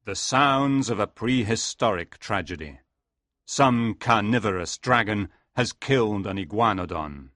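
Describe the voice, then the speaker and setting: A man's voice: fairly low pitch, animated, measured pace, a bit bright, no room sound, studio quality. A man voicing a proud, stubborn older male professor who speaks in an assertive, lecturing way.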